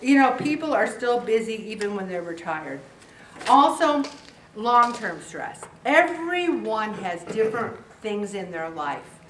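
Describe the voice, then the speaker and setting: A woman's voice: medium pitch, very animated, a little slow, a bit bright, distant mic, a little hiss or hum. Chatty joking woman in an echoey room. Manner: chatty and joking, acts out quoted voices. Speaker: weight loss group leader. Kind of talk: talk to a support group. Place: meeting room with a group. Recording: echoey room, voice picked up from afar.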